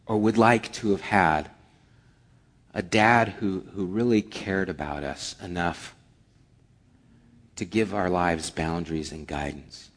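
A man preaching from the pulpit in an earnest pastor's voice. He leans hard into his points, then falls quiet, nearly whispering. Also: deep voice. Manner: earnest, swings from forceful emphasis to hushed near-whispers. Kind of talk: sermon.

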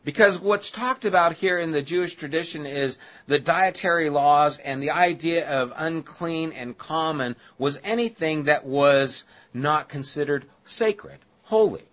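A man's voice: a little high, measured pace, fairly bright tone. Casual-sounding male pastor, dull lo-fi audio. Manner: casual and chatty, with asides to the listeners. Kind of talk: conversational Bible-study sermon.

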